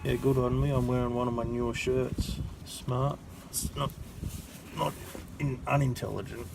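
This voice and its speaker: Gravelly, sick Australian man. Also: medium pitch, fairly even intonation, moderate pace, background noise. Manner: joking, dry sarcasm. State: sick with a sore throat. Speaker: home mechanic vlogger. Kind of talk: casual chat while working. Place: under a car on stands.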